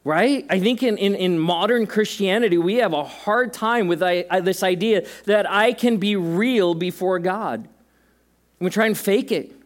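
A man's voice: sits high, normal speed. Joking, conversational male pastor preaching. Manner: conversational, joking asides, emphatic repetition. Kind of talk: sermon. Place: church service before a congregation.

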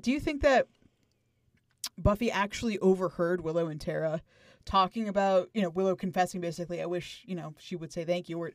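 Animated podcast host full of questions. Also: mid-range voice, no echo, clean studio sound. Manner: animated, quizzing co-hosts with questions. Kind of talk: casual chat analyzing a TV episode.

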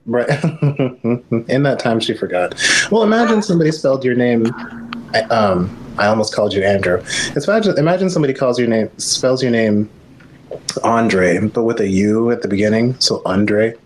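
Lively, laughing young man. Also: mid-range voice, a little fast, a little hiss or hum. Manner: easygoing, laughs often, lively reactions. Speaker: podcast co-host. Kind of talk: casual chat.

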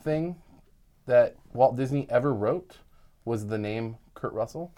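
A man co-hosting a podcast, dry and wry, with quick comebacks. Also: mid-range voice, dark tone, slight background noise. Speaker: podcast co-host. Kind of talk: casual chat.

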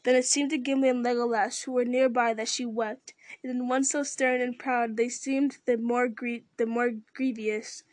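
A woman reads a fantasy novel aloud in a steady, even voice. Her pitch sits fairly high but barely moves, keeping the narration flat and level. The sound is dry, with no room around it. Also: normal speed, few pauses, no echo. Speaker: reader.

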